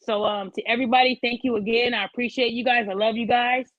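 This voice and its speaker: A woman hosting a live online show, blunt, profane and passionate as she talks straight to her chat. Her voice sits on the higher side, and the sound is dull and lo-fi with a dry, close feel. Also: fairly even intonation, fast talker, no echo. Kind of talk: livestream rant to chat.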